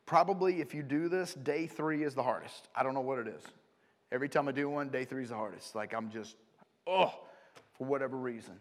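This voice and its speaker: A man preaching as a pastor, animated and conversational, telling stories and checking in with frequent asides. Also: medium pitch, fairly quick. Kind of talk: sermon. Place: church auditorium. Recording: long hall reverb.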